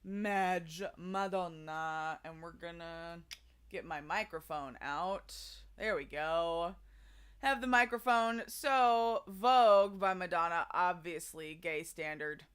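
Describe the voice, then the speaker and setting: A woman's voice: fairly low pitch, takes it slowly, clean tone. A young adult woman chatting casually to her stream audience, rambling with many fillers and restarts. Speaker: streamer hosting a karaoke stream.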